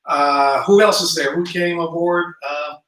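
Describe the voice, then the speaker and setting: A man's voice: fairly high pitch, fairly even intonation, unhurried, a bit bright, reverberant, far from the mic, poor audio. A man with a South Jersey accent hosting a casual travel livestream, chatty and friendly, greeting viewers and reading their comments. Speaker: travel channel host. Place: indoor room at home.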